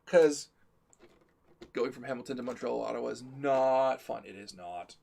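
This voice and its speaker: A man's voice: medium pitch, moderate pace, vocal fry, darkish tone. A man telling a comic story as a live-stream co-host, talkative, laughing through it and acting out the quotes.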